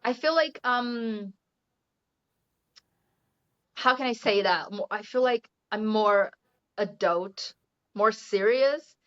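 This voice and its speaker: A woman's voice: medium pitch, slow, long pauses, fairly bright tone. Chatty Brazilian woman, muffled lo-fi audio. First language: Portuguese. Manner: chatty, laughs often, says "you know" a lot. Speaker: English teacher, guest. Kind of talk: casual interview chat.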